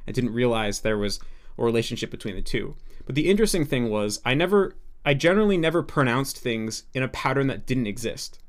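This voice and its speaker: Young guy on a podcast, earnest, explaining stuff, thinking out loud. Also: medium pitch, expressive, fairly quick. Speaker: guest. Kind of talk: casual podcast interview.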